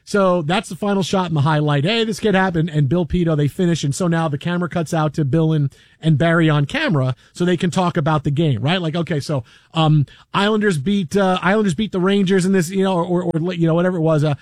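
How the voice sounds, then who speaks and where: A man hosting a sports radio show, telling a story in an animated, rambling way full of fillers from a radio studio. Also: on the high side, quick pace, no room sound. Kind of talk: casual storytelling chat.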